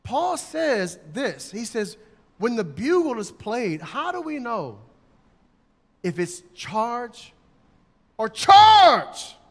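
A man's voice: very high-pitched, sing-song, slow pace. A man preaching a sermon in an emphatic way, acting out his examples in raised voices. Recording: long hall reverb.

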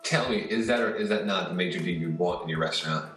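A man's voice: low voice, quick pace, a bit bright. A man co-hosting a podcast as a sous chef, laughing often and asking prompting questions in casual chat. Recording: roomy sound with faint music.

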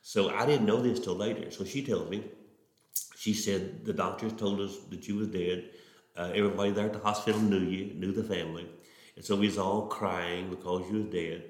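A man's voice: low voice, fairly even intonation, fairly quick. Folksy preacher telling his testimony. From Oklahoma. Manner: folksy, earnest, repetitive starts. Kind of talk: testimony storytelling. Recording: roomy echo.

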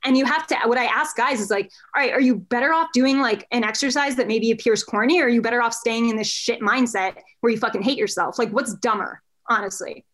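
A woman's voice: on the high side, fairly quick, hardly any pauses, a bit bright. A woman coach who works with men, talking candidly in a casual podcast conversation and swearing often.

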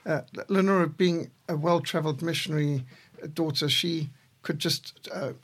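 A man in his sixties, co-host of a podcast, telling measured stories with a dry humor. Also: a little high, steady tone, breathy edge. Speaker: podcast co-host, missionary leader. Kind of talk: reflective conversation.

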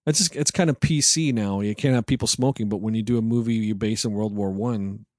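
A man's voice: lowish voice, fairly quick, no room sound, clean studio sound. A man co-hosting a casual movie review chat, rambling and sarcastic, swearing freely as he picks apart plot holes. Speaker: podcast co-host.

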